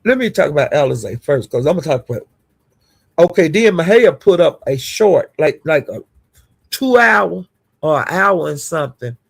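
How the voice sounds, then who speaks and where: A woman's voice: low-pitched, very animated, moderate pace, gravelly, husky. A woman vlogger giving casual gossip commentary to her viewers, blunt, profane and indignant.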